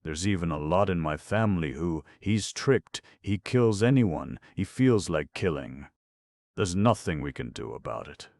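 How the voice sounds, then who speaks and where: A man's voice: low-pitched, lively intonation, a little slow, darkish tone, dry recording. Man doing a bitter, blunt crow. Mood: grave. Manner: blunt, bitter, working-class.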